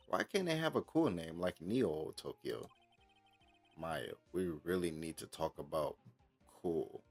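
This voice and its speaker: A man's voice: very deep voice, sing-song, moderate pace, creaky, faint music behind. A man playing a video game and commenting in a laid-back, slangy, joking way, reading the game's lines aloud and sounding tired late at night. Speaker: gaming channel host.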